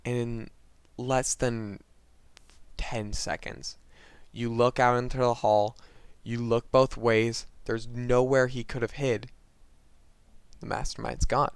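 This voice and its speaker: A man earnestly retelling a video game's story, halting and restarting, his voice often dropping soft. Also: medium pitch, fairly even intonation, creaky, clear, resonant tone, dry recording. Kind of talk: emotional retelling of a game plot.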